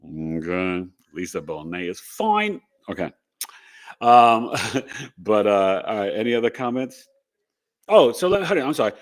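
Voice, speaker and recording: A man's voice: lowish voice, very animated, measured pace. A middle-aged man hosting an astrology livestream, chatting casually in a rambling, upbeat way with asides to his viewers. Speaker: astrology podcast host.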